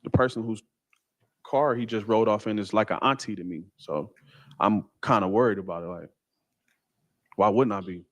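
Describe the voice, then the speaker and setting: A man telling a personal story in a casual, halting way with many fillers and restarts. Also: fairly low pitch, a bit bright, no echo, studio quality. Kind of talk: casual first-person account.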